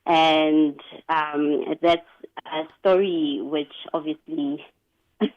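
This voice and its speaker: Slow, low-voiced woman on radio. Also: steady tone, no room sound, highs cut off. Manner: unhurried, thoughtful, many fillers. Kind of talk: radio talk show discussion.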